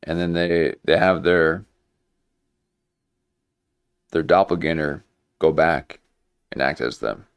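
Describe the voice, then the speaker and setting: A man hosting a livestream talks in a very deep, unhurried voice. He meanders through jokey asides and stops to restart his sentences. The delivery is loose and conversational. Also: clean tone. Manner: meandering, many fillers and restarts, joking. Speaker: livestream host. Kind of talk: casual conspiracy commentary.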